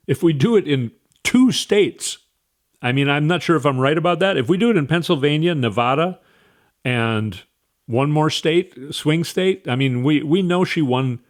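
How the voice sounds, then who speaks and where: A man hosting a casual political commentary monologue, rambling and firing off rhetorical questions. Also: mid-range voice. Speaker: host.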